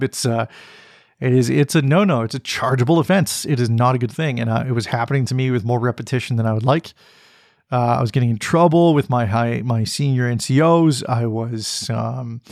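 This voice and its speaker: Man, middle-aged, candid, reflective, mid pitch, dry. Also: a little mellow, no echo. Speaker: podcast host. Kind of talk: personal storytelling.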